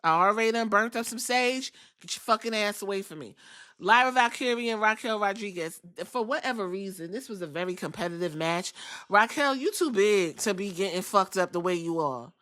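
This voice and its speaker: Bright-voiced woman, blunt and profane. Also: mid-range voice, lively intonation, fairly quick. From outside the US. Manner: blunt, profane, chatty storytelling. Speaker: podcast host. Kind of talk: casual recap podcast.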